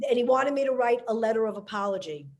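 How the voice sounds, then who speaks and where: Animated high-voiced woman comedian. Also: fast talker, dull audio. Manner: animated, chatty storyteller. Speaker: comedian and podcast host. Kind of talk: casual chat, storytelling.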